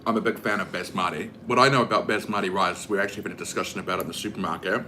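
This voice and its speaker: A man's voice: low-pitched, steady tone, rapid-fire, bright, forceful tone, a little hiss or hum. A man with a New Zealand accent chatting casually and rambling with lots of fillers while he cooks for his vlog. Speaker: vlogger. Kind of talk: casual chat while cooking.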